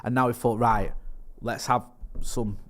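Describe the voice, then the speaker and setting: A male podcast co-host chats casually in a rambling, jokey way and reads news reports aloud. His voice is medium-pitched with fairly even intonation, and he speaks at a measured pace.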